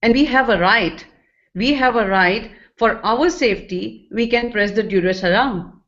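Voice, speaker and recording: A woman's voice: on the high side, a little slow, a bit bright. A woman sharing a personal experience in earnest, emotional testimony, with non-native English phrasing. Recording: dull lo-fi recording.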